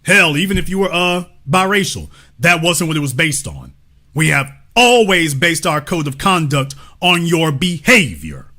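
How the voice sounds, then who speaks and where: A man's voice: on the high side, very animated, normal speed, pushed and bright. A man from the United States talking passionately to an audience, emphatic and preacher-like, repeating lines for effect and firing off rhetorical questions. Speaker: commentator in a cultural discussion. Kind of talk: impassioned talk to an audience.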